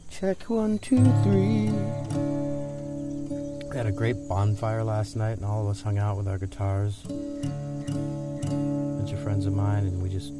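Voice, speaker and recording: A singer-songwriter chatting casually between songs in a rambling way, recorded outdoors on a porch with a portable recorder. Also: male voice, on the low side, monotone, normal speed, pauses often. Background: acoustic guitar playing.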